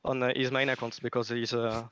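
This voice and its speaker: A man with a French accent describing his team's match plan, halting and full of fillers as he goes. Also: medium pitch, little pitch movement, a bit bright, slight background noise. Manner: halting, many uh fillers and restarts. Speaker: esports team member interviewed after a match. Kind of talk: post-match interview talk.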